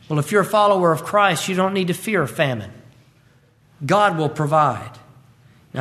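Male preacher, high voice, emphatic sermon delivery with repeated lines. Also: pushed and bright. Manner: emphatic, repeats key lines, quotes scripture.

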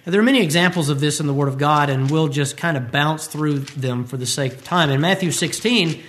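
A man's voice: a little high, brisk, a bit bright. A tired male preacher giving a sermon, who acts out the scripture quotes he tells.

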